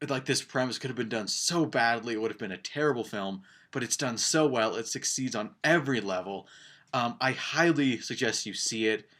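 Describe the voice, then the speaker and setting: A man's voice: mid-range voice, normal speed, a bit bright. Young male vlogger, casual film review, chatty and rambling, eager. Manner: rambling, filler-heavy, enthusiastic. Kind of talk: casual vlog movie review.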